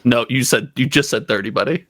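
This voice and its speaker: A man's voice: medium pitch, fairly quick, a bit bright, no echo. A man in casual podcast chat, playfully teasing and ribbing the others.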